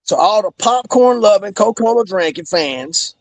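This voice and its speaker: A man's voice: high-pitched, expressive, normal speed, no room sound. A man, a former pro wrestler, delivering a heated, profane, menacing promo-style rant as a podcast guest. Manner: menacing, profane, repeats "bro".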